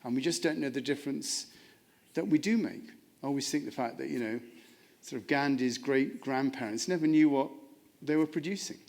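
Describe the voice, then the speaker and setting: A man's voice: mid-range voice, normal speed, gravelly, darkish tone. Earnest man leading a chapel talk. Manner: earnest, searching, many restarts and "you know". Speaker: presenter leading a chapel discussion. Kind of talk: reflective spiritual talk with congregation.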